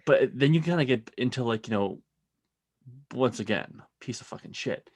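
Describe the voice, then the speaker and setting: A man's voice: mid-range voice, lively intonation, normal speed, no echo. A man co-hosting a casual true-crime podcast, talking loosely with lots of "like" and some swearing. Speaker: podcast co-host.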